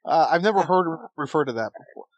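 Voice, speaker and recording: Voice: mid-range voice, animated, fast talker, no room sound, dull audio. A podcast co-host in casual chat, dropping wry, teasing remarks about old wrestling.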